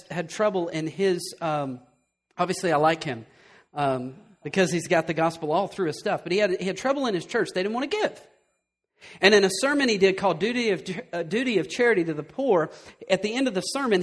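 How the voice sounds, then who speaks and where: A man preaching a sermon as pastor, talking in an animated, emphatic way and often checking in with rhetorical questions. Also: sits high.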